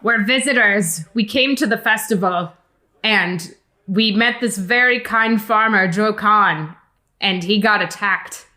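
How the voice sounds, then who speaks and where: A woman's voice: mid-range voice, unhurried, pushed and bright, roomy sound, long reverb tail. A woman voicing an earnest young female adventurer who asks strangers for help in a polite, urgent way. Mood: pleading.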